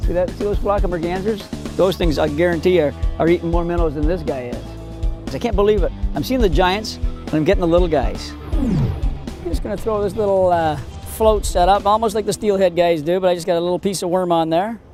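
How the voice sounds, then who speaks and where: Excitable high-voiced man fishing. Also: fairly quick, music in the background. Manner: excitable, exclamatory, talks to the fish. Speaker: fishing show host. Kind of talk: on-the-water fishing commentary. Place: outdoors on a boat on a lake.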